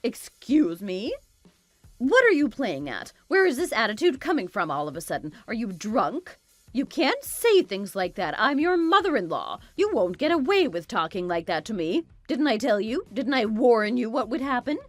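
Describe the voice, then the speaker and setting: A woman's voice: fairly high pitch, very animated, normal speed, dry recording. A woman voicing a domineering, spiteful older mother-in-law in a dramatized story, scolding and belittling. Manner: scolding, contemptuous, bossy.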